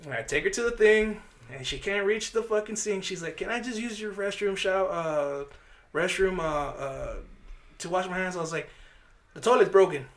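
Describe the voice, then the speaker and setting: A man co-hosting a podcast, telling a profane, animated story and acting out the voices of the people in it. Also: sits high, moderate pace. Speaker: podcast co-host. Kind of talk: casual storytelling chat.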